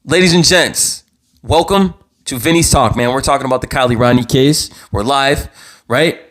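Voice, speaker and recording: A young man hosting his own live show, giving impassioned commentary in a heated, worked-up voice, repeating himself and stumbling over restarts as he gets louder. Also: mid-range voice, normal speed. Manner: heated, repetitive, stammering restarts, rising to near-yelling. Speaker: vlog host.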